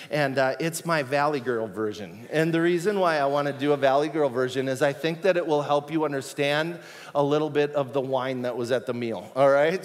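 A male pastor gives a sermon in a relaxed, joking, conversational manner, full of asides and fillers. His voice sits a little high for a man. Long reverb from the church hall trails behind his words.

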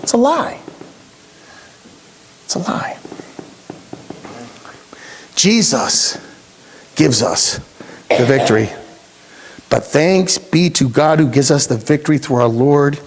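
A man with a high voice preaches a sermon in a church. He drops low and slow on key words, then climbs into urgent questions. His delivery is dramatic and emphatic. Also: expressive, a little mellow, slight background noise. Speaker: pastor.

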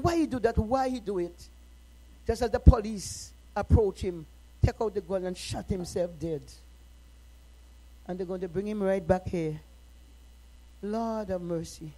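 A middle-aged woman minister preaching a sermon, moving from quiet, personal talk to impassioned shouting. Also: medium pitch, rough recording.

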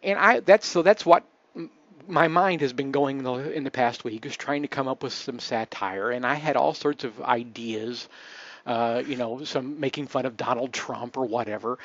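Man, webcast host, casual chat, mid-pitched voice, muffled audio. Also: normal speed. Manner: relaxed, chatty, many fillers and restarts.

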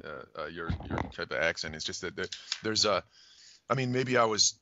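A man's voice: low-pitched, expressive, moderate pace, lo-fi sound, heavy background noise. An American band frontman chatting in an interview, rambling, joking and swearing as he talks. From United States. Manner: profane, rambling and jokey. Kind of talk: casual phone interview.

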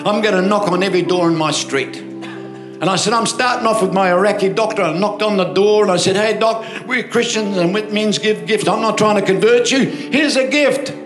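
An older Australian man preaches in a church hall, his high voice moving at a moderate pace as he tells stories with animation. He keeps calling for amens from the crowd, while music plays behind in the echoing room.

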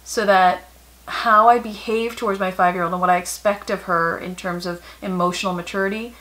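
A woman in her thirties talks straight to camera about parenting, calm and matter-of-fact. Her voice is bright and clear at a middling pitch, and it goes soft and gentle whenever she repeats what she tells her children. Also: brisk, rough recording. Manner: warm, calm and matter-of-fact, softening for quoted lines to children. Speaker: parenting vlogger. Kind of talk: casual advice talk to camera.

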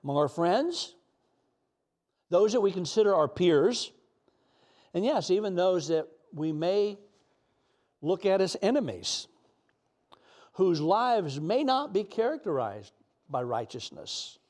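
A man's voice: high voice, big pitch swings, takes it slowly, pauses often, a little mellow. A middle-aged man preaching a sermon in an earnest, emotional way, sometimes close to tears.

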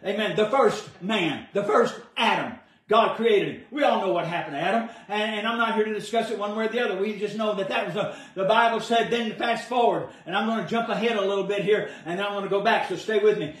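A man preaching, fervent and loud, breaking into amens and hallelujahs. His voice sits very high. He is picked up from a distance, and the room echoes around him. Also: brisk. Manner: shouting, exclaiming hallelujah and amen. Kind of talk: fiery preaching sermon. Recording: echoey room, far from the mic.

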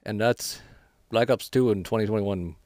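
A man's voice: lowish voice, moderate pace, a little mellow, no room sound, studio quality. A man streaming a shooter game, giving frustrated live commentary with trash talk and swearing. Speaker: gaming streamer.

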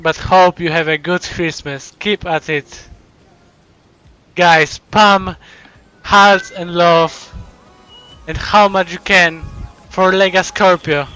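A man streaming live, his voice high and bright as he stumbles over his words. He is close to tears, slow and halting, repeating himself again and again. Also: clear, resonant tone, dry recording. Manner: stammering, overwhelmed, repeats himself. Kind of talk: live stream chat, thanking donors.

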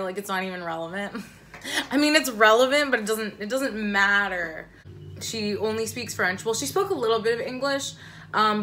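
Bright-voiced woman rambling a storytime. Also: medium pitch. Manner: rambling, filler-heavy, self-deprecating. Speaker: vlogger. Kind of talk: casual storytime.

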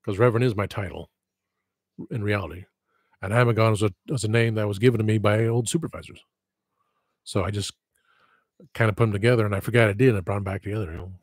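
A man's voice: on the low side, fast, pauses often, dry recording, studio quality. A man hosting a livestream, chatting in a rambling, digressive and self-deprecating way. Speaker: livestream host. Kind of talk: casual livestream chat.

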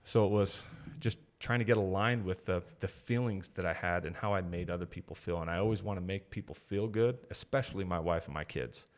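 Very deep-voiced man telling his story. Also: brisk, few pauses. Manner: candid, reflective storytelling with quoted voices. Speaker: podcast guest. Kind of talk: casual conversation.

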